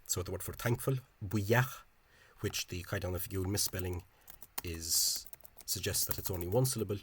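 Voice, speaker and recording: A man explaining spelling in a casual, halting monologue. He is opinionated and often repeats words and fills gaps with hesitations. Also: sits low, slight background noise. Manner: opinionated, dismissive of official spelling. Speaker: language enthusiast explaining spelling.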